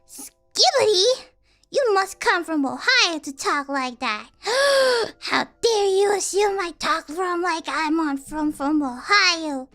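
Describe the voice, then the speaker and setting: A woman's voice: very high-pitched, expressive, sharp tone, heavily acted. A woman voicing a touchy, dramatic plushie toy that gasps and takes offense. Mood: offended. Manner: gasping, offended, rapid outbursts.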